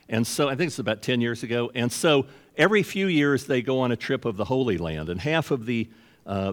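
A pastor in his sixties preaching a sermon. He talks conversationally and moves easily into acted-out exchanges. His voice sits at a medium pitch for a man. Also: big-room sound. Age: 60s.

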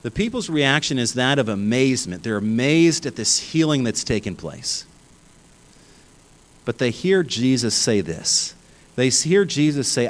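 A man's voice: medium pitch, unhurried, low-quality recording. A male pastor delivers a sermon in an emphatic, conversational way. His voice rises and falls widely, and he often stumbles and restarts his phrases. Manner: animated, emphatic, many restarts.

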